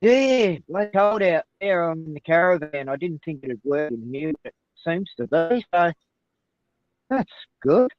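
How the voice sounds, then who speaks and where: An easygoing male guest speaks slowly over a remote connection, and his pitch swings widely. The sound is dull and lo-fi, with very little room in it. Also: animated. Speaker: guest on the stream.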